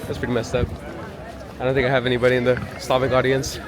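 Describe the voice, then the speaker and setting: A man's voice: medium pitch, completely flat delivery, quick pace. A man chatting casually as a travel vlogger, rambling and joking at himself while walking outdoors with a handheld camera. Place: outdoors at a busy palace grounds. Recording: outdoor crowd noise. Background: crowd chatter.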